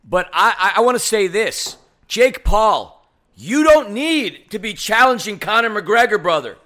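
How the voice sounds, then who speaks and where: A man co-hosting a sports podcast, hoarse and playful, riffing dramatically. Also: high voice, very animated, unhurried, sharp tone. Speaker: podcast co-host. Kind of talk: casual sports podcast chat.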